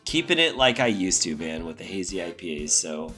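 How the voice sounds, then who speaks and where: Young man, podcast co-host, tipsy, rambling casual chat, lowish pitch. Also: big pitch swings, fairly quick, sharp tone, faint music behind. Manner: loose, rambling, laughing. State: tipsy from drinking.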